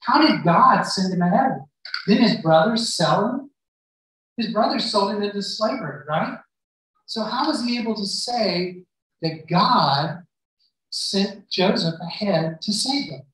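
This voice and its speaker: A male preacher tells a scripture story to his congregation and voices the characters' lines as he goes. His voice sits at an ordinary pitch for a man. It is picked up from a distance and rings heavily around a large church hall. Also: expressive, unhurried, a bit bright, slight background noise. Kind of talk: sermon retelling a Bible story. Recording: very echoey hall, voice far from mic.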